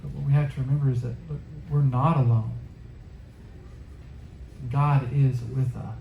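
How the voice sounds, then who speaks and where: Man, youth sermon, conversational and earnest, mid-pitched, echoey room. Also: little pitch movement, measured pace, gravelly, phone-quality sound, slight background noise. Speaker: youth pastor. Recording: roomy echo.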